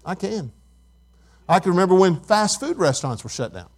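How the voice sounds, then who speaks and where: Pastor, middle-aged man with a high voice, conversational preaching that questions the congregation. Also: very animated, moderate pace, slightly rough. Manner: conversational, asks the congregation questions, tells stories. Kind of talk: sermon.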